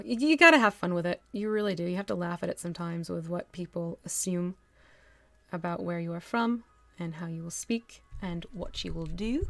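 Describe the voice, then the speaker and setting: Chatty gravelly-voiced New Jersey woman. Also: mid-range voice, fairly bright tone, no echo. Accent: northwestern New Jersey. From northwestern New Jersey. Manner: chatty, laughs easily, thinks aloud while working. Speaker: miniature painting streamer. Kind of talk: casual live-stream painting demo.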